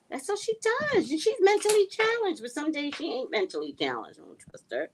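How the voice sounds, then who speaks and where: A middle-aged woman hosting a casual livestream, chatting and reading viewer comments, animated with hushed asides. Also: mid-range voice, moderate pace, slight background noise. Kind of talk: casual live chat.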